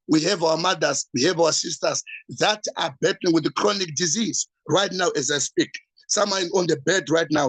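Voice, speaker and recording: A man, a pastor, giving an urgent, repetitive sales pitch at an evening meeting. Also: fairly bright tone, no echo, poor audio. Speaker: pastor promoting a business.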